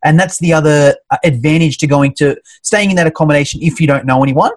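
A man's voice: on the high side, fast. A man from Australia who works in fitness, chatting in an upbeat way about conventions. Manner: upbeat, expressive, shares tips. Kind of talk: casual conversation.

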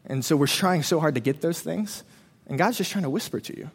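Fast-talking man preaching in a hall. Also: a little high, breathy edge. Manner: conversational, retells the story with frequent "um" and "you know". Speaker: preacher to students. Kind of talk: casual sermon storytelling. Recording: reverberant hall.

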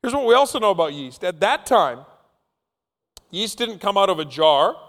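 High-voiced preacher in a reverberant hall. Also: male voice, big pitch swings, moderate pace, fairly bright tone. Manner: playful storytelling, acting out scenes. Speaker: pastor. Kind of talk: sermon. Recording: long reverb of a large hall.

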